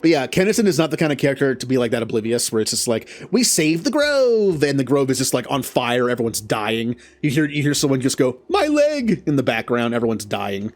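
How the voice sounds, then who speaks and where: A man giving casual gameplay commentary. He talks to the characters on screen and yelps loudly at setbacks. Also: medium pitch, quick pace, hardly any pauses. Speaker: gaming channel host.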